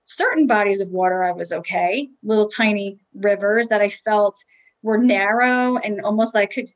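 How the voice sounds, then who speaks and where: A woman's voice: on the high side, low-quality recording. A woman telling a candid, emotional personal story about a triathlon, with restarts and quoted inner thoughts.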